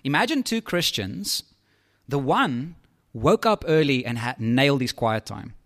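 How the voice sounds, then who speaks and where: A man preaching a sermon in a lively, conversational way, with asides to his listeners. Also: mid-range voice, a little slow.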